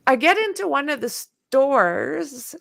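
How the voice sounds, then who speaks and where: A middle-aged woman host chats and tells stories in an animated, exclaiming way. Her voice is fairly high and full of gravelly fry, and it swings widely up and down. The sound is dry and close. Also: slow, no echo. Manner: animated storyteller, exclaims often. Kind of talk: casual livestream chat.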